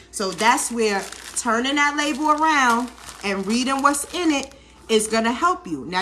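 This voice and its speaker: A woman's voice: a little high, pushed and bright. A woman vlogger and busy mom chatting casually while she cooks in her home kitchen, coaching viewers and checking in with "okay?" as she goes. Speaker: vlog host, busy mom. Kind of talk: casual cooking demo talk.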